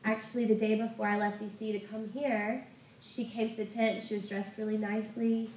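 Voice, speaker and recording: A woman's voice: mid-range voice, level tone, fairly quick, a little mellow, slight background noise. A woman preaching a sermon, telling a testimony story with passion. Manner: impassioned storytelling. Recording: roomy sound from a distant mic.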